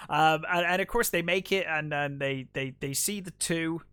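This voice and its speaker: A man's voice: a little high, moderate pace, bright, forceful tone, clear, resonant tone, dry recording. A man co-hosting a film podcast, casually retelling scenes and acting out the characters' lines with lots of fillers. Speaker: podcast co-host. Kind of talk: casual film review chat.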